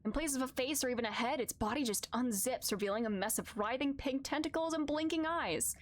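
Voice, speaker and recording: A woman with a high voice streams a story game, reading its text aloud in an even, narrating tone. She often breaks off to react, crying out in open distress at what happens on screen. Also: brisk. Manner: expressive, shifts from calm reading to loud distressed outbursts.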